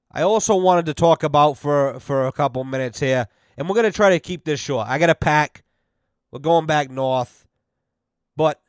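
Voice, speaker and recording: A man's voice: a little high, no room sound, studio quality. A young man hosting a podcast, ranting bluntly and profanely in casual exasperated storytelling. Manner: blunt, cursing, exasperated storytelling with quoted voices. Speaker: podcast host.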